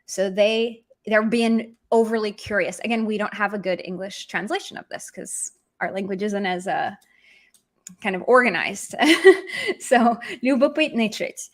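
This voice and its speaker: A woman's voice: medium pitch, animated, moderate pace. A woman teaching an online language lesson, talking in a chatty way and acting out sarcastic examples.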